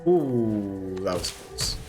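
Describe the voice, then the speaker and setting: A man's voice: lowish voice, big pitch swings, very slow, music in the background. A man streaming a video game, chatting casually with playful, reactive commentary.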